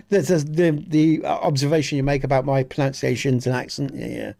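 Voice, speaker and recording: A man's voice: medium pitch, normal speed, creaky, a little mellow. A man with a Dorset accent from southwest England, chatting with live viewers during a game stream in a rambling, earnest way that often repeats and restarts words. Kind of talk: casual chat with live viewers.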